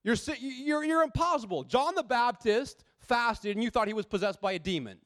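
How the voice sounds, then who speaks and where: A man's voice: extremely high pitch, lively intonation, moderate pace, a bit bright, pitched above the performer's own voice. A man preacher voicing an exasperated male teacher who complains in casual modern speech. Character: exasperated adult male teacher, fed up with the crowd.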